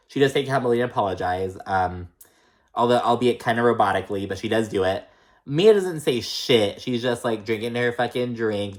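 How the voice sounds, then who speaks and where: Casual, gossipy man recapping reality TV. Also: medium pitch. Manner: gossipy, profane, filler-heavy.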